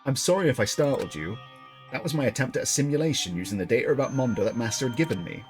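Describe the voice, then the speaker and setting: A man reading a visual novel aloud, voicing a gentle, polite computer program that talks softly and formally. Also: medium pitch, animated, fast talker, over music, natural voice. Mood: earnest. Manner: soft, earnest and formal.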